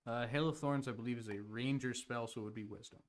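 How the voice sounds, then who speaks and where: A man's voice: mid-range voice, fast talker. A man running a live-streamed tabletop game as game master, talking casually and thinking aloud over the rules.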